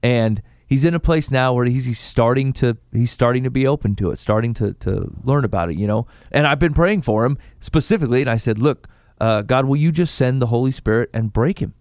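A man on a faith podcast, chatting casually and telling stories with animated quoted asides. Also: medium pitch, fairly quick, hardly any pauses, no echo, studio quality. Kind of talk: casual chat about faith.

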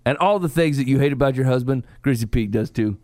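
A man's voice: mid-range voice, quick pace, darkish tone, no echo. Joking man hosting an advice podcast. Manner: joking and laughing often. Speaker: podcast host reading listener letters. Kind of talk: casual podcast advice chat.

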